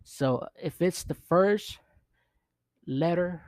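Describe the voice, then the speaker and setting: A man teaching Spanish vowels in a casual video lesson, pausing often to check in with the viewer. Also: fairly high pitch, darkish tone, no echo. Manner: halting, restarts often, checks in with "okay?" and "right?".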